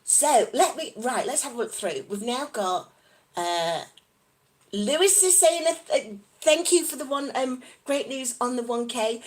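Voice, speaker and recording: A woman from the UK chatting casually on a live stream, reading out comments in a bubbly, giggly, excitable way. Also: high voice, normal speed. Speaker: vlogger reading live chat.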